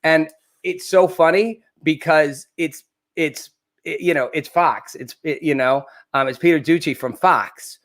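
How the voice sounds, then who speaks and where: Animated male political commentary host. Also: a little high, unhurried. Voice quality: animated, repeats words when restarting.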